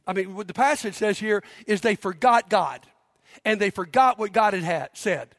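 High-voiced pastor preaching. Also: male voice, normal speed, fairly bright tone, studio quality. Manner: emphatic, leads the congregation in call-and-response. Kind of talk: sermon. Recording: long hall reverb.

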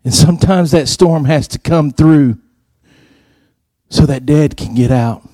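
Unhurried and warm, a male preacher tells stories during his sermon, performing the quoted dialogue in a higher voice. The audio is studio grade, free of any echo.

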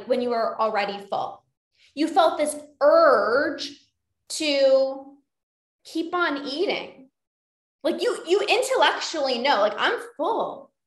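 A woman's voice: high-pitched, roomy sound. A woman hosting a solo podcast as a coach, chatting casually with many fillers and acting out inner voices. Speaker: podcast host and binge eating coach.

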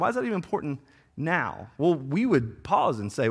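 A man's voice: fairly high pitch, very animated, brisk, husky. A man preaching a sermon in a casual, slangy way, acting out the people in the story with playful voices. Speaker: pastor.

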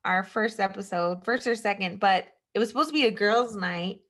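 A woman's voice: mid-range voice, moderate pace, a bit bright. A woman co-hosting a podcast, telling a story in casual chat and giggling often. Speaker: podcast co-host.

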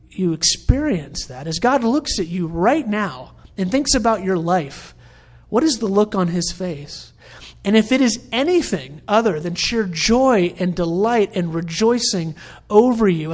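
Conversational male preacher. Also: high-pitched. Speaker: pastor. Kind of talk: sermon.

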